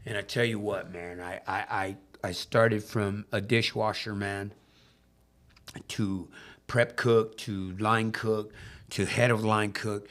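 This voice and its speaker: A man's voice: on the low side, fairly even intonation, slow pace, a bit bright. A man from Southern California tells a personal story in loose, casual conversation. He swears freely and acts out the dialogue, switching voices for each person in it. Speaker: podcast guest in recovery.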